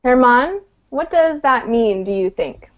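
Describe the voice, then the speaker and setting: A woman gives an online English lesson at an unhurried pace, her voice a touch high. She explains each rule patiently and keeps asking her students if they follow. The sound is muffled, like audio from a video call. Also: expressive. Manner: patient explaining, checks understanding with "okay?". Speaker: English teacher.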